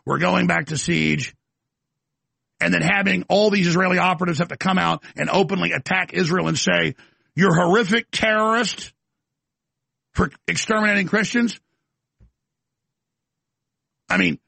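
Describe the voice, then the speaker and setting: Man, talk-show host, ranting monologue, husky, raspy, emphatic, studio mic. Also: high voice, pushed and bright, dry recording. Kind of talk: impassioned talk-radio monologue.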